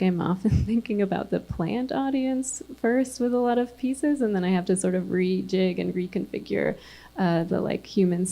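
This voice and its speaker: A woman's voice: medium pitch, vocal fry, dark tone. Casual woman artist, full of "like". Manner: casual, frequent "like" fillers, light laughter. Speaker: panel artist. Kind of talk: casual panel discussion.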